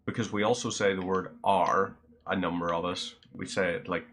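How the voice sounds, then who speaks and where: A man's voice: deep voice, moderate pace, pushed and bright. A man with a Northern Irish accent chatting casually to his viewers while streaming a game, rambling and friendly. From Northern Ireland.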